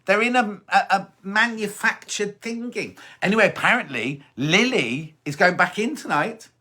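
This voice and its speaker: A man's voice: sits high, expressive, normal speed, sharp tone. A middle-aged man presenting a sewing show, reading out viewer comments and chatting about them in a gossipy, teasing way. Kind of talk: casual live chat reading viewer comments.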